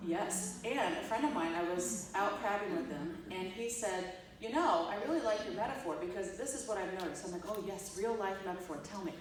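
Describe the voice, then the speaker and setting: A woman's voice: medium pitch, fairly quick, few pauses, a little hiss or hum. A woman, giving a conversational keynote talk and acting out the quotes as she tells stories. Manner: animated storytelling, acts out quotes. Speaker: keynote speaker, professor. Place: large echoey hall. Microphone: distant room mic. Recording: echoey hall, distant mic.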